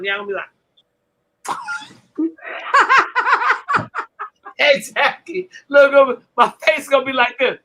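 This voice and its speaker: A woman hosting a podcast, chatting loudly with lots of laughter and profanity. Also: high voice, very animated, takes it slowly, long pauses, slight background noise, rough recording. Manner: loud, laughing, profane banter. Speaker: podcast host. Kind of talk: casual chat.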